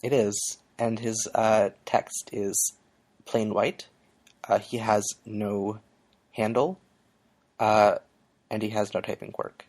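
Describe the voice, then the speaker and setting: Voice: medium pitch, flat delivery, takes it slowly, pauses often, a little mellow. A podcast co-host chatting casually about a webcomic, hesitating often with ums and uhs.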